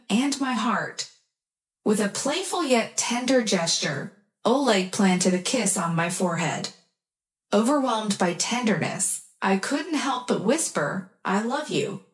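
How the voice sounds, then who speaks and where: A woman reads a romantic story aloud as scripted narration. Her delivery is soft and even, and she takes her time over each phrase, at a slow, measured pace. Her pitch sits in a middle range for a woman.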